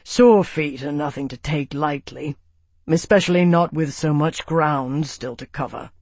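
Guy doing a big woodsman, low rumbly voice, no nonsense, dry close mic. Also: a little slow, a little mellow, dry recording. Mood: practical. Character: big gruff male woodsman, practical.

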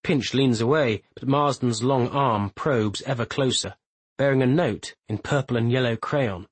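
A man narrates a literary novel in a measured, even reading. His voice is husky and sits at a middle pitch. The sound is close and dry. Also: no room sound, poor audio. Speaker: audiobook narrator. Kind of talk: scripted narration.

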